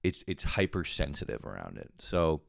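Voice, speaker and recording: Low-voiced man rambling casually. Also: big pitch swings, normal speed, creaky, dry recording, studio quality. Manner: rambling, filler-heavy, profane. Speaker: podcast host. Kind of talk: casual solo monologue.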